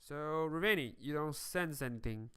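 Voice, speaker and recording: A man running a tabletop game as game master, talking in a halting way with many fillers and restarts. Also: fairly high pitch, expressive, a bit bright, a little hiss or hum.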